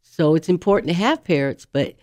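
A woman leadership coach talking as a guest, animated and full of examples. Her voice sits a little low for a woman. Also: a little fast. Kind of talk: conversational talk show explanation.

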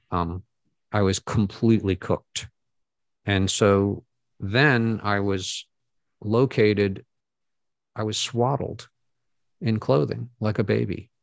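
A middle-aged man speaks in a gravelly, fairly low voice, recorded close and dry. He tells his story earnestly to an audience, stopping and restarting as he goes. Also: no echo. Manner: earnest, halting, with many fillers and restarts. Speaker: guest speaker.

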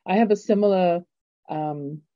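A woman's voice: lowish voice, a little slow, warm tone, dry recording. A middle-aged English woman hosting an interview, telling a personal story in a reflective way. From England. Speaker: host. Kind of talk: interview conversation. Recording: dull lo-fi dry sound.

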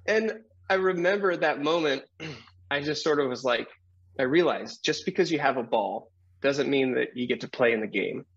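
A middle-aged man, a guest on an interview show, telling a personal story in a lively way, acting out the voices of people in it and laughing often. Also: fairly high pitch, normal speed, slightly rough, muffled recording.

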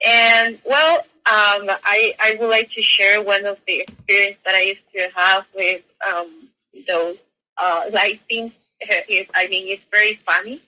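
A woman guest on a talk show, telling a personal story in a halting way, with many restarts and fillers. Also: mid-range voice, steady tone, sharp tone, low-quality recording. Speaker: interview guest. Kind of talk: casual spoken storytelling.

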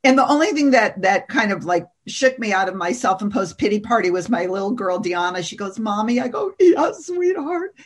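A middle-aged woman, a guest on an interview show, telling an animated, dramatic story and often laughing. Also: medium pitch, fairly quick, hardly any pauses. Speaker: guest, author and seminar teacher.

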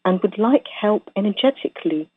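A woman's voice: mid-range voice, expressive, moderate pace, slightly rough, dry recording. A woman caller, polite and a little hesitant, asking for help. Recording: tinny phone line.

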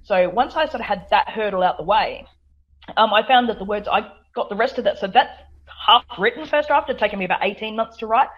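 A woman's voice: mid-range voice, brisk, lo-fi sound. An Australian woman from South Australia, a guest author chatting in a radio interview, full of fillers, restarts and laughter.

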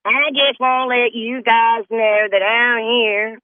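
A man's voice: very high-pitched, flat delivery, slow pace, dry recording, pitched above the performer's own voice. A man voicing a brash, middle-aged backwoods country woman who talks in a folksy drawl. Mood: boastful. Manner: drawling, boastful folksy talk. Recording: tinny phone-line sound.

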